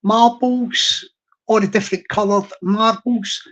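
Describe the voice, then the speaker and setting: A man's voice: high-pitched, fairly even intonation, unhurried, a bit bright. A man from Glasgow with a Glaswegian accent, chatting casually on a live stream. He rambles, jokes and repeats himself as he goes. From Glasgow, Scotland. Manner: rambling, jokey, repeats himself, laughs often.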